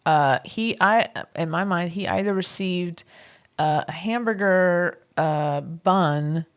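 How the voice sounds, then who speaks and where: Woman, podcast co-host, deadpan one-liners, lowish voice. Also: slow. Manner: dry, deadpan quips. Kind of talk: casual podcast chat.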